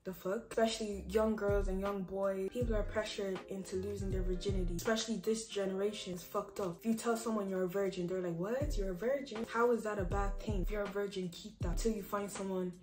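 A woman's voice: medium pitch, level tone, a little fast, hardly any pauses. Woman, blunt, cussing, emphatic, casual dating advice, music playing under her. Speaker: vlogger giving dating advice. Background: background music.

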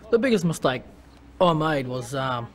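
An Australian man talking about his own life in a personal testimony. He speaks in a halting way, with many restarts and fillers. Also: medium pitch, very animated, a crowd in the background. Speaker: former rugby league player.

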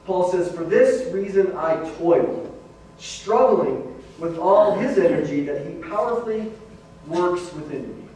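A man's voice: high voice, lively intonation, measured pace, dark tone. A man preaching a sermon as pastor, in a conversational way that keeps calling the listeners "guys". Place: large church sanctuary. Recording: very echoey hall, voice from far off.

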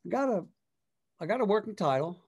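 A man's voice: sits high, animated, fairly quick, darkish tone, slightly rough, pitched above the performer's own voice, exaggerated voice. A man voicing a laid-back male drifter in his seventies who drinks and dreams of writing a novel, with an easygoing, friendly drawl. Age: 70s.

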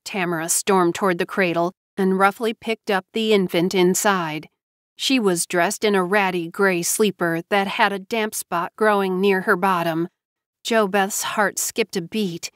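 Female audiobook narrator, measured, mid-range voice, dry studio sound. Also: mid-range voice, steady tone, dry recording. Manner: measured storytelling.

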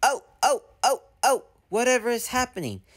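Mischievous freight trucks from a storybook squeal in a high, piercing chorus, giggling and chanting their lines, as a man puts them on. The voice leaps far above a normal speaking pitch and often sounds pushed away from the mic. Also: sing-song, normal speed, a bit bright, heavily acted. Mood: silly, squealing. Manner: shrill, giggling, chanting in unison.

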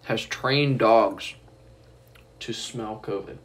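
A man's voice: lowish voice, drawn-out words. A young man talking casually and teasingly in a rambling home vlog from student housing. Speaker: vlogger.

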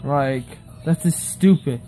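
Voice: mid-range voice, slow pace, mellow, soft background music. Young speaker ranting and pleading. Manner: ranting, pleading, says "beep" in place of swear words. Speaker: upset player. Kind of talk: angry rant to camera.

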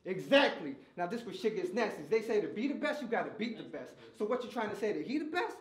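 A man's voice: high-pitched, very animated, quick pace, echoey room. A man battle rapping a cappella, delivering taunting punchlines at an opponent at a live event. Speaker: battle rapper.

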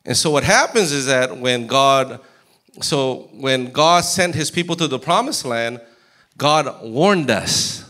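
A man preaching a sermon as pastor in a church, animated and acting out scripture in voices. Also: medium pitch, slow. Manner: animated, acts out Bible quotes in character voices. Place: church sanctuary.

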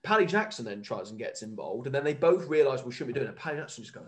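A man co-hosting a rugby podcast, talking in an excitable, rambling way with many restarts. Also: medium pitch, fast talker, hardly any pauses. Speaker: podcast co-host. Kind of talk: casual rugby chat.

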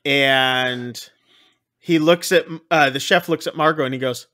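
A man casually recapping a film on a podcast, acting out the lines with big jumps in pitch. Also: measured pace, sharp tone. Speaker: podcast co-host. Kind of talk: casual movie recap chat.

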